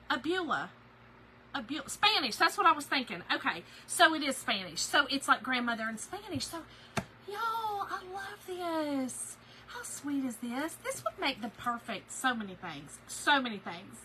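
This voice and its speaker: A woman's voice: high voice, sing-song, measured pace, noisy background. A middle-aged woman hosts a casual craft live stream, chatting and gushing while reading viewer comments.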